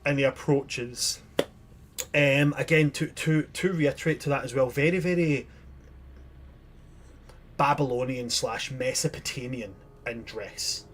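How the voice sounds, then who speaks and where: A man's voice: mid-range voice, measured pace, long pauses, fairly bright tone, slight background noise. Man narrating a tabletop game. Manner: descriptive, chatty, many restarts. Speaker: game master.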